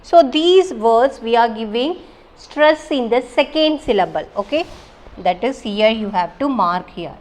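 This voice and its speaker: A woman's voice: a little high, expressive, measured pace, a little mellow. A woman teacher with an Indian English accent, explaining word stress in a classroom lesson and repeating example words for drill.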